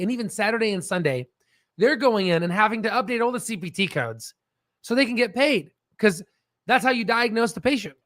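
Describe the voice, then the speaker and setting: A man with a high voice talks through stock news casually and loosely, drifting into jokes and checking in with "right?". The sound is dry and close. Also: a bit bright, dry recording. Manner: rambling, jokey, keeps asking "right?". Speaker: stock market video host.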